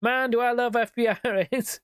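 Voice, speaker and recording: A streamer voicing a gung-ho male FBI agent who loves smashing doors, shouting orders gleefully. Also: medium pitch, steady tone, moderate pace, clean tone, no room sound, clean studio sound, pitched above the performer's own voice, natural voice.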